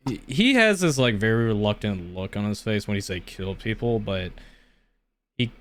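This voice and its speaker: A man narrating as game master of a tabletop game, relaxed and full of fillers. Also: fairly low pitch, moderate pace.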